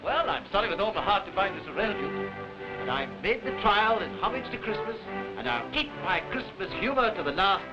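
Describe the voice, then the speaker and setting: Cheerful british nephew, earnest and pleading, high lively voice, muffled old film audio, music behind. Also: male voice, fairly quick. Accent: British English. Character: cheerful young nephew, earnest and warm-hearted. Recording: dull 1930s film soundtrack with music.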